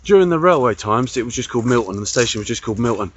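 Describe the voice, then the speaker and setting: A man's voice: mid-range voice, expressive, racing, highs cut off. A man hosting a walking vlog, thinking aloud about old railway features as he walks an old trackbed outdoors. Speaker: vlog host. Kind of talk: casual walking commentary.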